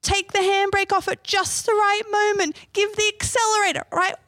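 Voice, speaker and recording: A woman's voice: extremely high pitch, flat delivery, moderate pace, fairly bright tone, no room sound, studio quality. An Australian woman giving a live healthy-eating workshop, chatty and conversational, often throwing rhetorical questions to the audience.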